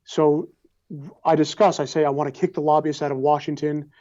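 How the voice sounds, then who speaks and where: Young male political candidate with a mellow, slightly high voice who delivers earnest, stump-speech answers; lo-fi sound. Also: little pitch movement, brisk. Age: young adult. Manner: earnest, speechlike, with repeated phrases. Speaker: congressional candidate. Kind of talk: campaign interview answers. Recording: slightly dull lo-fi audio.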